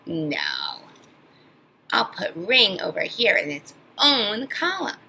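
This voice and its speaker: Woman, phonics teacher, slow deliberate pace, gravelly breathy voice, lively sing-song pitch, sounds out words for kids. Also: rough recording. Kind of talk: children's phonics lesson.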